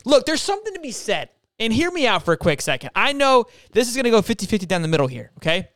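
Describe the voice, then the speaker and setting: A man's voice: sits high, big pitch swings, fast talker, fairly bright tone, dry recording, clean studio sound. A man hosting a casual sports talk show, fired up and emphatic, tacking "okay?" onto his points. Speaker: podcast host.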